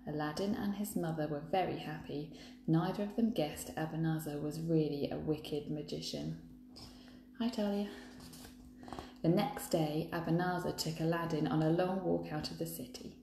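A woman's voice: low-pitched, fairly even intonation, moderate pace, creaky, warm tone, a little hiss or hum. A woman reading a children's book aloud, breaking off for chatty asides to viewers. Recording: echoey room, faint ambience.

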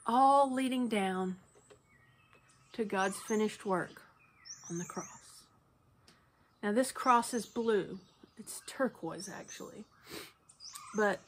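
A woman's voice: medium pitch, a little hiss or hum. A woman who teaches banjo, talking earnestly about her faith, choked up and sometimes dropping to a near whisper. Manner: earnest, soft, drops to a near whisper at times. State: choked up, tearful. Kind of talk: heartfelt casual talk about faith.

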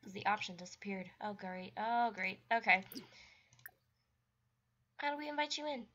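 A woman hosting a video game let's-play, chatting casually and pleading with the characters in an animated, playful way. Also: medium pitch, moderate pace. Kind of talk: casual commentary while playing a life-sim game. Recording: dull lo-fi mic.

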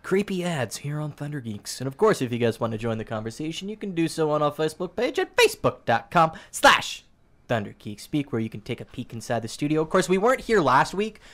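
A man's voice: a little high, brisk. A man hosting a podcast, chatting casually and joking with his co-hosts while plugging the show. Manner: joking, animated, plugs the show. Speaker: podcast host. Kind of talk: casual chat.

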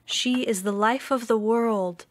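A woman reading the part of a wise, ancient female turtle, speaking slowly and gently. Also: a little high, fairly even intonation, close to an everyday voice. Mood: solemn. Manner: slow, gentle and measured.

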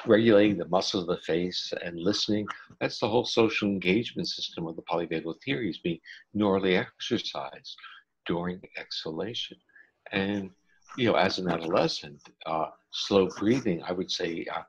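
Very deep gravelly older man, measured. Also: muffled recording. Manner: measured, lecturing, drawn-out phrases. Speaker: interview guest, researcher. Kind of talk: explanatory conversation.

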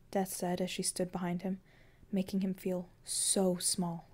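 A woman reading scripted fiction as an audiobook narrator, with calm, even storytelling. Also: on the low side, a little slow.

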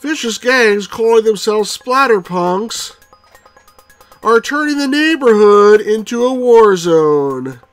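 A man putting on the voice of a smug male TV newscaster, reading in a slow, over-emphatic announcer delivery. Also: high voice, very animated, fairly bright tone, no echo, faint music behind, voice pushed up, exaggerated voice. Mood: pompous.

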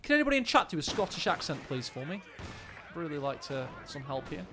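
A man casting a live strategy game with quick, jokey play-by-play and sudden excited rises. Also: on the high side, very noisy. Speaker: game caster. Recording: game battle sounds under the voice.

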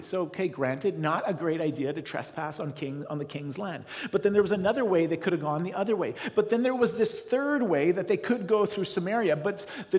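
A middle-aged Canadian man preaches a sermon in a church sanctuary, his voice sitting a little high for a man. He tells stories animatedly, swinging between big declarations and hushed asides. A long hall reverb trails after his words. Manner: animated storytelling preacher, acting out his own inner voice. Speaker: pastor.

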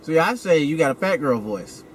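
A man's voice: fairly high pitch, sing-song, moderate pace, slight background noise. Teasing male comedian host in a van. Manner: teasing, provocative banter. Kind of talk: casual comedic chat. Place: inside a van.

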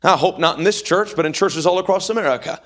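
A man's voice: sits high, fast, a bit bright. A man preaching a revival sermon in a church, with an emphatic, repetitive cadence. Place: church sanctuary.

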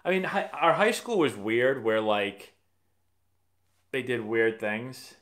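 A man's voice: mid-range voice, lively intonation, takes it slowly, fairly bright tone. Chatty man hosting a live stream. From Massachusetts. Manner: rambling, chatty storyteller who often restarts sentences. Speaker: live-stream host answering viewer questions. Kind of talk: casual live-stream chat.

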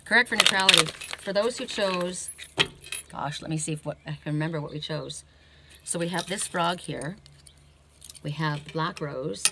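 A woman's voice: low voice, normal speed, heavy background noise. A woman giving an oracle card reading in a casual, rambling way, often thinking aloud and tagging her points with a questioning "right?".

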